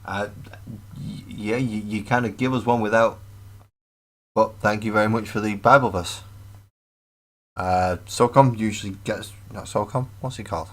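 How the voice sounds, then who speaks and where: A man chatting casually and bluntly on a live hobby-painting stream, rambling, swearing, and answering chat messages. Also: fairly low pitch. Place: home hobby desk, indoors. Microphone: webcam or desk mic.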